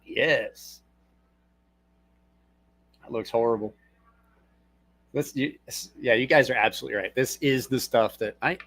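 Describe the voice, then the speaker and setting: A middle-aged man chats casually at his home desk, wandering from one thought to the next. His voice sits at an ordinary pitch for a man. He tells long stories and laughs his way through them. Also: husky. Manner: rambling, laughs while telling stories. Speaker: channel host. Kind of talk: casual livestream chat and storytelling.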